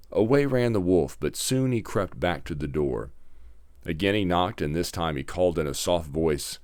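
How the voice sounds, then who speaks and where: A man narrating a fairy tale in a measured, dramatic storybook reading. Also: sits low, animated, darkish tone, dry recording, clean studio sound.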